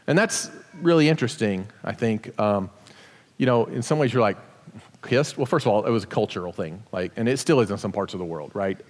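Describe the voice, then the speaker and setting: A man's voice: on the low side, animated, fairly quick. A man giving a casual sermon as pastor, explaining scripture with joking asides in a church sanctuary. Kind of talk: conversational sermon. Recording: long hall reverb.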